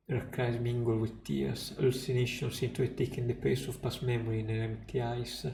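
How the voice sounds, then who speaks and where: Gravelly man reading a somber story. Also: mid-range voice, flat delivery, brisk, few pauses, mellow, a little hiss or hum. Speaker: streamer. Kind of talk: reading game story text aloud. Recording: roomy room, faint music.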